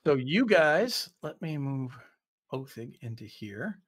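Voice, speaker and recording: A man's voice: medium pitch, very animated, takes it slowly, a bit bright. A man running a tabletop game as game master, narrating casually with fillers and restarts.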